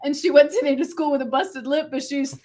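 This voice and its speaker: A woman with a high, bright-sounding voice chats as a guest over a video call. She tells her stories in a bubbly, excited rush. She sounds to be in her thirties. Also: a little fast. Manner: bubbly, excited storytelling with frequent laughs. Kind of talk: casual chat.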